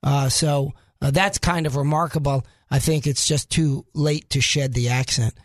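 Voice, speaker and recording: A man's voice: mid-range voice, fairly even intonation, moderate pace. A man from New York filling in as a talk radio host in a studio, joking and self-mocking, with rambling asides.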